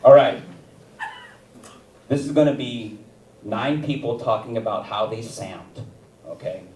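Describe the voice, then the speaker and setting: Rambling stand-up comic in a theater. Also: male voice, mid-range voice, measured pace, darkish tone, slight background noise. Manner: rambling, self-interrupting ad-libbing. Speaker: stand-up comedian. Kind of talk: stand-up set. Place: comedy theater stage. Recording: roomy theater sound, distant mic.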